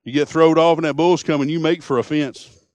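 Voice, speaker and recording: A man preaching a sermon, folksy and impassioned, swinging from hushed to booming. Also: steady tone, a little fast, no echo. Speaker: pastor.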